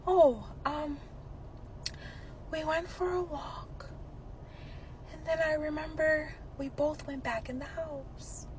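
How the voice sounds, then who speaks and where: A woman voicing an injured older stepfather in a hospital bed, dazed and in denial, speaking softly in halting repetitions. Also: extremely high pitch, lively intonation, a little hiss or hum, pitched above the performer's own voice, full character voice.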